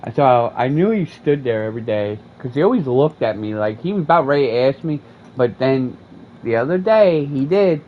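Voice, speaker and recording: A man's voice: medium pitch, expressive, normal speed. A man, telling a profane, rambling story in casual chat while streaming a game. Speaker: gaming streamer. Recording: dull lo-fi mic with faint air conditioning hum.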